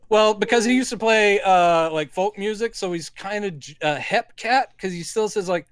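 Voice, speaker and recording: A man from Mississippi co-hosts a casual movie podcast, chatty and joking, with frequent restarts. He speaks without a Southern accent. His voice is high for a man, and the recording is dry and close. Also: normal speed, hardly any pauses, clean tone, no echo. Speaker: podcast co-host. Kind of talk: casual movie-discussion chat.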